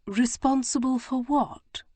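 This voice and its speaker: A woman narrator puts on a mischievous older society lady, arch and teasing. The lines come slow and drawling, slightly raised in pitch, recorded dry and close. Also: mellow, no echo.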